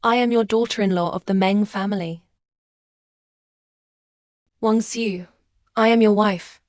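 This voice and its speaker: A woman voicing a wronged young wife who speaks indignantly and forcefully. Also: mid-range voice, fairly even intonation, a little slow, no echo, clean studio sound, natural voice.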